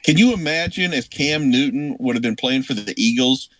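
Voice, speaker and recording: A man on a sports radio show as a guest, telling old stories in a rambling, halting way. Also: medium pitch, fairly bright tone, dry recording, poor audio. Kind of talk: casual chat, recruiting stories.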